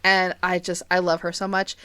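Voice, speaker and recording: A woman's voice: on the low side, completely flat delivery, moderate pace, sharp tone, clean tone, dry recording. A young woman co-hosting a podcast in casual chat, giggly and swearing freely. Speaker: podcast co-host.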